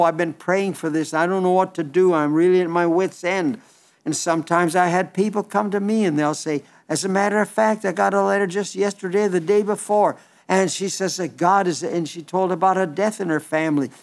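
An older man preaching an Easter sermon in a folksy, halting way, often restarting his words. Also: high-pitched.

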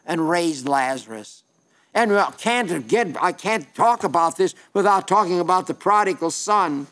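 An older man preaching a sermon in a folksy storytelling way, slowing down for emphasis. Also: sits high.

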